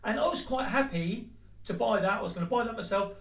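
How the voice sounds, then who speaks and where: A man's voice: high voice, a little fast, vocal fry, far from the mic. A man in an angry, sweary rant, speaking straight to his ex. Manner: heated, sweary, addresses his ex directly. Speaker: vlogger. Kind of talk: angry personal rant to the camera. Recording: echoey room, voice away from the mic.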